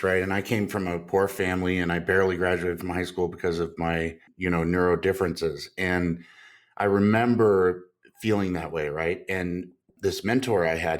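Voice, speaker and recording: A man hosting a podcast interview, telling personal stories in a loose conversational way. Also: low-pitched. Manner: conversational, storytelling with restarts. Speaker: podcast host.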